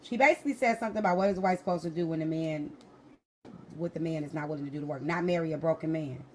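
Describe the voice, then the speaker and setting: A woman's voice: deep voice, rapid-fire, a little mellow, a little hiss or hum. A woman hosting a live stream chat, blunt and scolding as she answers commenters.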